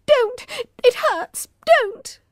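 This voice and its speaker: A woman's voice: measured pace, bright, forceful tone, no room sound, clean studio sound, exaggerated voice. A woman voicing a tearful, plump young girl who whines and shrieks shrilly. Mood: whimpering. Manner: shrill and whining.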